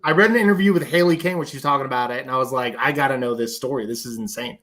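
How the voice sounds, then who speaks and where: Male podcast host, mid-range pitch, rapid casual delivery, talks over guest. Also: fairly bright tone. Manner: quick, chatty, many "yeah"s and "oh my God"s. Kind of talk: casual interview chat.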